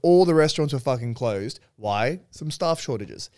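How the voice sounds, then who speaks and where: A man's voice: mid-range voice, normal speed, smooth, no echo. Ranting young man, dry sound. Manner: ranting, swears a lot, animated. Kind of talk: casual chat.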